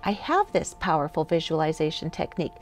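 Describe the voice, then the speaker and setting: A woman's voice: sits low, sing-song, brisk, soft background music. A woman life coach giving an enthusiastic motivational lesson while walking on a treadmill.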